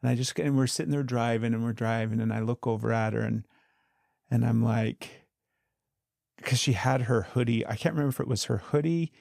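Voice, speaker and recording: Gravelly man in his forties, co-host, plain relaxed storyteller, dry sound. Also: mid-range voice, fairly quick, dry recording. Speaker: podcast co-host. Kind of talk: casual chat.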